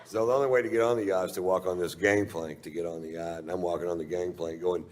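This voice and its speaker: A man's voice: sits low, fairly even intonation, fast, a little mellow. A male stand-up comedian telling a rambling, profane story on stage, speaking in a laid-back way into a handheld mic. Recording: reverberant hall, faint noise.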